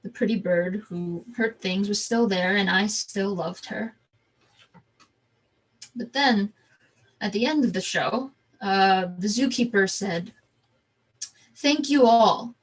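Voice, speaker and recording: A woman performing a theatrical storytelling monologue, halting with frequent restarts and repeated words. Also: mid-range voice, slightly rough, rough recording. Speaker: stage performer.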